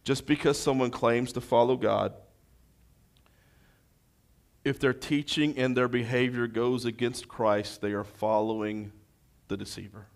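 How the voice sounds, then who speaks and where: A man preaching a sermon as pastor, with impassioned, repetitive phrasing that builds to shouting. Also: mid-range voice, fairly even intonation, normal speed, vocal fry. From United States.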